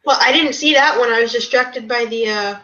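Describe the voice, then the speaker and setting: Bright-voiced young woman, teasing co-host. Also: on the high side, brisk, dull audio. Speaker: co-host, host's adult child. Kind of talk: casual podcast chat.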